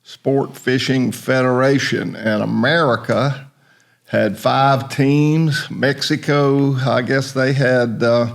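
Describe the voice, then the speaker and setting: A man's voice: mid-range voice, fairly even intonation, takes it slowly, gravelly. An older man hosting a casual podcast chat, rambling along in a folksy storytelling way. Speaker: host.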